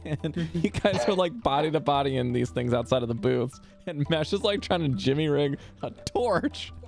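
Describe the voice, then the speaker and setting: A man narrates as game master, his pitch swinging widely as he paints the scene and laughs between lines. Faint music runs underneath his voice. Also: animated, normal speed, vocal fry, a little mellow.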